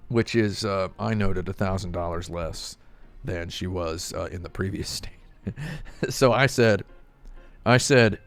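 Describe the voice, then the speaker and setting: A man with a fairly low voice rants about a pet shop in a dry, deadpan way. Now and then he climbs into bursts of mock outrage. Faint music plays under him. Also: measured pace. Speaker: streamer. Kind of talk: casual comedic rant.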